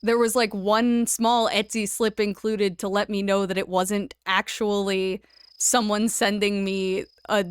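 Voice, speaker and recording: A young woman chats casually while live-streaming a video game, giggling as she thanks followers and reads game lines aloud. Her mid-range voice moves little in pitch and runs a little slow, with a clear, resonant tone and no room sound.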